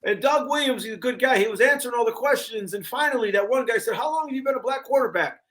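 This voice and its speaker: An older man co-hosting a casual sports talk show, telling animated stories and acting out what people said. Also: very high voice, fast talker. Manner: animated storyteller, acting out quotes. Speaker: co-host.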